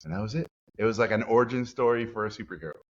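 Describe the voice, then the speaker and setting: Man in his forties from Mexico, animated guest storyteller, lowish voice, dull podcast audio. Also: very fast. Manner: lively storyteller acting out quotes.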